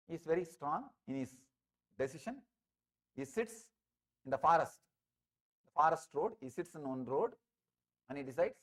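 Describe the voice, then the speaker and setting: An Indian-accented male spiritual teacher giving a discourse, his voice sitting somewhat high for a man. He speaks emphatically, telling parables and repeating words to drive each point home. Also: animated, normal speed, long pauses, a bit bright. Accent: Indian English. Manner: emphatic, repeats phrases for effect.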